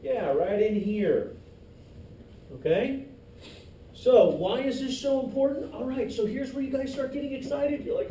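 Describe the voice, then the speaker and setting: A man teaching an anatomy class in a lively, joking way, teasing his students as he goes. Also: very high voice, unhurried. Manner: lively, jokey, teases students. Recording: echoey classroom, distant mic, faint hiss.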